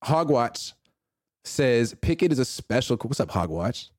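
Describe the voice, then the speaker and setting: A man in his thirties hosting a casual sports talk show, reading chat comments and telling stories in a lively, self-mocking way. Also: mid-range voice, a little slow, no room sound, clean studio sound. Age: 30s. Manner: animated, mimics voices in anecdotes, self-mocking.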